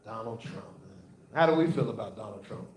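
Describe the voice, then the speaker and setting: A man's voice: fairly low pitch, lively intonation, a little fast, a crowd in the background. A man doing a stand-up routine on a comedy club stage, telling loose, profane stories and repeating his lines. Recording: echoey live venue.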